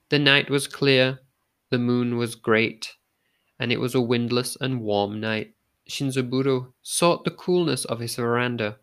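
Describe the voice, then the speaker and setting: A male storyteller reads a folk tale aloud. His pitch sits in the middle range, and his pacing is measured and unhurried. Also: gravelly, a bit bright. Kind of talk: scripted narration of a folk tale.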